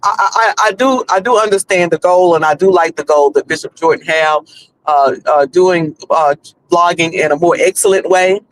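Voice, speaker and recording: The host of this in-car livestream speaks at a moderate pace in a voice on the high side, with a North Carolina Southern accent. He chats casually while driving, rambling with lots of restarts, in a low-quality recording.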